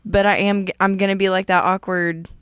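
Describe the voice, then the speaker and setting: A woman co-hosting a podcast in casual chat, blunt and animated, swearing a lot. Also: mid-range voice, normal speed, clear, resonant tone, no echo, studio quality. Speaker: podcast co-host.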